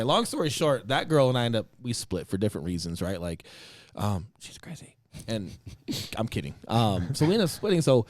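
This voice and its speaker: A male podcast host telling a story in casual chat, animated, laughing often and swearing casually. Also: medium pitch, dry recording, studio quality.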